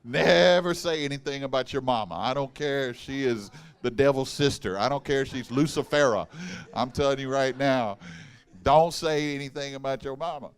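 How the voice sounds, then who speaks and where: A man preaching a sermon in a church, folksy and animated, mixing humor and asides with the congregation. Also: medium pitch, normal speed, clean tone. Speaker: pastor. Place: church hall.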